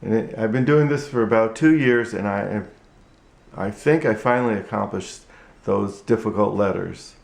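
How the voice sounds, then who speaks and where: A man teaching ventriloquism in a tutorial vlog, halting and repetitive, with frequent restarts. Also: lowish voice, creaky, a little mellow. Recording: echoey room.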